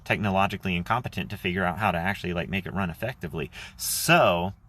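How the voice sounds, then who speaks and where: A man's voice: deep voice, fast, fairly bright tone. A man live streaming from his phone, reading aloud and then chatting casually, rambling and swearing freely. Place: outdoors.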